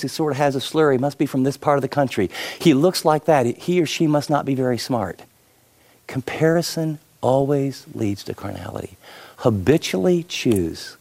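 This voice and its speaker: A man pastor preaching a sermon, telling stories in an animated way with frequent fillers. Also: medium pitch, creaky.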